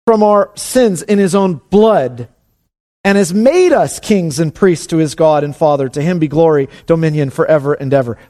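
A pastor preaching an earnest sermon, his voice climbing high on emphatic calls. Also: a little mellow.

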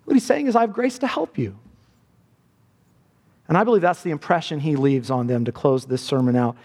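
Man, pastor, sermon, high voice, earnest, fervent, long hall reverb. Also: a little fast, darkish tone. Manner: earnest, building to fervent emphasis.

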